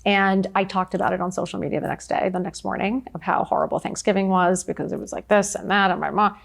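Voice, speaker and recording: Woman in her fifties, podcast guest, chatty, emphatic storyteller, mid-pitched. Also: steady tone, quick pace, gravelly. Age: 50s. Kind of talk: candid conversational interview.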